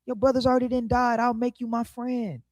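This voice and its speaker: A scheming tyrant king who coaxes in a low, hushed, wheedling street drawl, as a man acts him out while retelling scripture. The voice is dry and close, with no room around it. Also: flat delivery, brisk, dry recording. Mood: coaxing. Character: scheming male tyrant king, coaxing and smooth.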